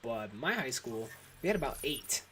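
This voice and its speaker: A man's voice: medium pitch, big pitch swings, moderate pace, pushed and bright. Young male vlogger, mid-range voice, loose rambling storyteller, noisy track with gunshots behind. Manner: rambling, filler-heavy, restarts often. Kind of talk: casual storytelling to camera.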